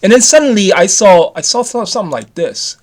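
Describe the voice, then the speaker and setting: High-voiced rambling man in his fifties. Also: expressive, a little fast, darkish tone. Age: 50s. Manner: repetitive, restarts often, casual swearing. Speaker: vlogger. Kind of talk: rambling personal story to camera.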